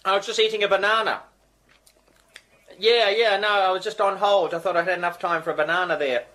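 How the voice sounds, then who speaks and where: An actor with a New Zealand accent playing a rambling, apologetic band manager juggling phone calls in a radio sitcom. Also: male voice, high voice, steady tone, brisk, pushed and bright, rough recording. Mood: distracted. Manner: rambling, apologetic, easily flustered. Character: flustered male manager fielding phone calls.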